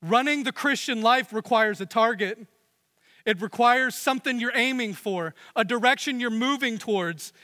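A young adult man preaching a sermon in earnest, pushing up for emphasis and dropping to hushed tones. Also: very high-pitched, moderate pace. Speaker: pastor. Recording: long hall reverb.

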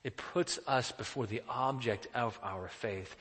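A man's voice: mid-range voice, measured pace, fairly bright tone, long reverb tail. A male pastor preaching a sermon in an earnest, questioning, emphatic way.

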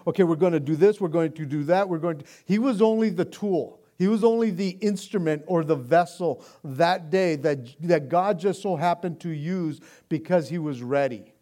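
Man preaching a relaxed sermon with a fairly high voice, animated delivery and frequent restarts. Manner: casual, animated preaching with stammered restarts and laughs. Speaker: pastor.

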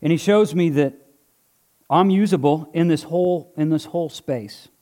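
Guy preaching a sermon at church, earnest but chatty, voice a bit on the high side. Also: moderate pace, mellow. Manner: conversational, earnest, joking with congregation. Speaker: pastor. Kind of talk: sermon with live object lesson. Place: church before a congregation.

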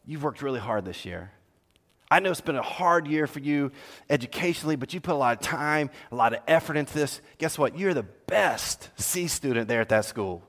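A middle-aged man preaching an earnest sermon to fathers, swinging between loud emphasis and hushed, tender lines. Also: fairly high pitch, lively intonation, a little fast. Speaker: pastor. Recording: long hall reverb.

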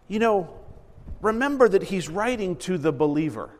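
A man's voice: high-pitched, very animated, normal speed, long reverb tail. A man in his thirties giving a conversational sermon as a pastor, dropping into other voices for quoted lines. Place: church sanctuary.

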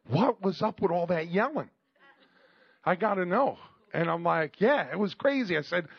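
Middle-aged male preacher, gravelly and a bit high, animated storyteller, dull dry recording. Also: dry recording. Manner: animated, jokey, calls for amens. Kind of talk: storytelling sermon.

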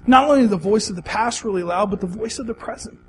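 A man's voice: high-pitched, fast talker, rough recording. A male pastor preaching a sermon with passion. He repeats his phrases for emphasis and asks the congregation questions. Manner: talks to the congregation with questions and call-and-response.

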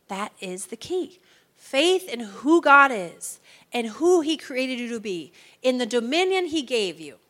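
Woman preacher, bright higher voice, emphatic sermon delivery. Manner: emphatic, preacherly, asks for agreement.

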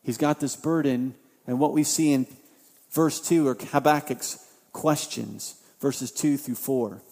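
A man preaching a sermon, swinging from loud, impassioned outbursts to quiet appeals and repeating phrases for emphasis. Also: mid-range voice, fairly even intonation, unhurried, gravelly. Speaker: pastor. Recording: long hall reverb.

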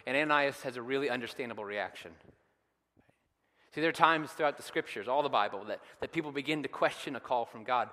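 A man preaching a sermon, retelling scripture dramatically and building to loud, emphatic peaks. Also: mid-range voice, fast, big-room sound. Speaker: pastor.

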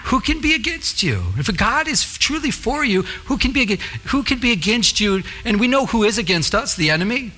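A middle-aged pastor preaches with a high, bright and forceful voice. He is earnest and repeats his key phrases, and he slips into lively stories to make his point. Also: brisk, hardly any pauses, faint music behind. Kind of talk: sermon.

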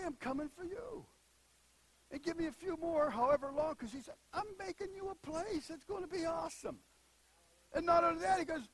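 A man preaching a sermon, moving between quiet asides and loud, emphatic bursts. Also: very high-pitched, slightly rough, low-quality recording. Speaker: pastor.

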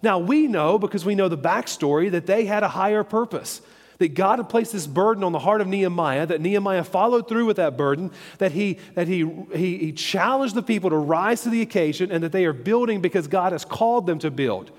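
A man's voice: sits high, lively intonation, a little fast. Man teaching scripture in a reverberant hall. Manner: conversational, checks in with "okay?" and "all right?". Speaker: preacher. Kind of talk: Bible teaching sermon.

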